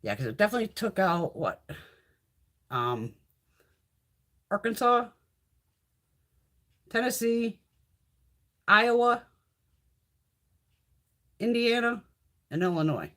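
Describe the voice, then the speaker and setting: A woman's voice: medium pitch, big pitch swings, slow pace, long pauses, a bit bright. A middle-aged woman hosting a casual live stream, chatting freely with viewers, swearing a lot and reading out their comments. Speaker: beauty channel host.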